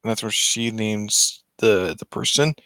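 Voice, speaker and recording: A man's voice: fairly low pitch, a little slow, pushed and bright, no room sound, clean studio sound. A man casually retelling a film's story, rambling with many restarts and self-corrections. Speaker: vlogger.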